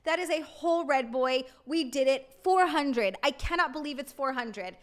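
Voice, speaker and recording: A woman live streamer chatting casually with her viewers, excitable and giggly, and thanking them by name. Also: high-pitched, moderate pace, hardly any pauses.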